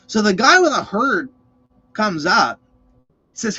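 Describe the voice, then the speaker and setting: Male host, slightly high voice, swears constantly, animated rant delivery, muffled lo-fi audio. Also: normal speed, slightly rough. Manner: ranting, swearing, animated storytelling. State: cold. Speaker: show host. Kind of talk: casual profane monologue. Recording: slightly muffled dull recording.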